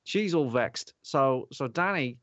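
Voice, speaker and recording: Male podcast host, animated and foul-mouthed, middle pitch, muffled dry recording. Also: slow, no echo. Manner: animated, sweary, rambling. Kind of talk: casual podcast chat. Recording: dull lo-fi sound.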